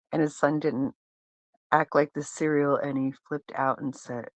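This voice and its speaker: Low-voiced, slow, laughing woman host. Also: no room sound. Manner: laughs often, exclaims in disbelief. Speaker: live-stream host reading chat. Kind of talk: casual live-stream chat.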